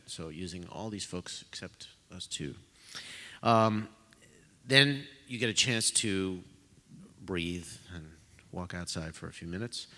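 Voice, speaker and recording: A man hosting a live pre-concert talk, joking at his own expense and pausing often with fillers. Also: deep voice, sharp tone. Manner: self-deprecating, joking, halting with fillers. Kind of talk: casual live talk to an audience. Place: concert hall. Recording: long reverb of a concert hall.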